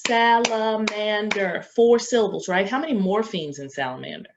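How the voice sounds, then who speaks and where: A woman's voice: mid-range voice, very animated, fast talker, gravelly, darkish tone, slight background noise. A woman professor giving a reading lesson to teacher candidates, asking questions and answering them herself. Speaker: education professor. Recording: dull lo-fi lecture recording.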